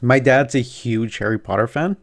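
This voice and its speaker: A man hosting a casual podcast chat, telling stories in an animated way and swearing freely. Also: medium pitch, moderate pace, gravelly. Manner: profane, animated storyteller. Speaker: podcast host.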